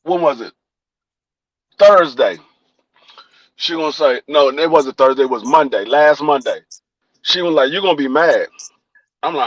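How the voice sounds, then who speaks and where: A young man with a high, light voice and a D.C. accent, telling a long story on a podcast. He acts out the quoted lines of each person, with plenty of swearing. The recording is close and dry, with no room sound. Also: normal speed, pauses often, no room sound, lo-fi sound. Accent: Washington, D.C. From Washington, D.C. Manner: animated storyteller acting out quoted dialogue, profane. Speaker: podcast co-host. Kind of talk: casual chat, storytelling.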